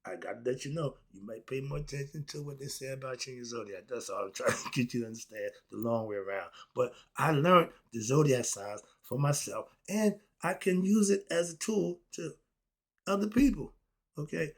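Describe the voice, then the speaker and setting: A man's voice: mid-range voice, lively intonation, normal speed. A man, delivering an emphatic, casual monologue full of rhetorical questions and short laughs. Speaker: philosophy vlogger.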